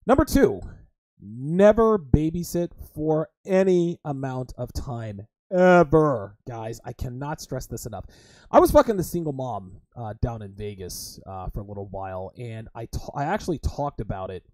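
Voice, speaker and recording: A man's voice: medium pitch, animated, moderate pace, darkish tone, no echo. A man hosting a livestream podcast, talking crudely and emphatically and repeatedly calling his listeners guys. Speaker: host.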